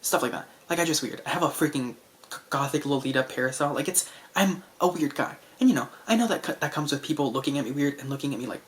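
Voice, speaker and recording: A young man in a casual, rambling vlog monologue, speaking softly late at night and filling his talk with "like.". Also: on the high side, lively intonation, fast. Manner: chatty, filler-heavy with frequent "like". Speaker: vlogger. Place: indoors at home at night under a lamp.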